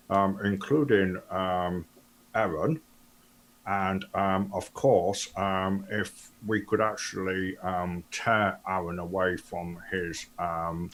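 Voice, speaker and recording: A man's voice: low-pitched, a little hiss or hum. A man playing a tabletop game, speaking in character in a hesitant way full of ums. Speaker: player.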